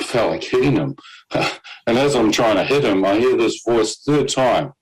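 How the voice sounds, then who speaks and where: A man's voice: mid-range voice, lively intonation, normal speed, slightly rough, rough recording. A man, a guest on a faith program, telling his personal testimony as a vivid story, with fillers and short laughs along the way.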